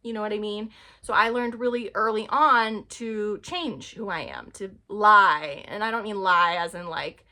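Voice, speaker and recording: Young woman, mid-pitched, chatty self-help vlogger, earnest and rambling, heavy on fillers. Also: a little slow, sharp tone. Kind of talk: casual self-help talk to camera.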